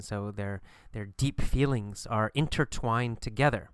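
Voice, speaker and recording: A man giving a recorded English lesson in a smooth, resonant voice. He is slow, repetitive and encouraging, and he sounds close and dry on the mic. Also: fairly low pitch, no echo. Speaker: English teacher.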